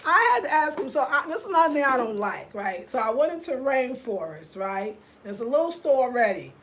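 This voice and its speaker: Animated woman telling a story to viewers. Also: high-pitched, a little fast, a little hiss or hum. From United States. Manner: animated storytelling, talks straight to viewers, reads comments aloud. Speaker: host. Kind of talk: casual livestream rant.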